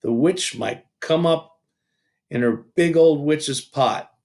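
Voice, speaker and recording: A man's voice: a little high, slow, a little mellow, pitched above the performer's own voice. A man voicing a rude, scared boy who talks back defiantly.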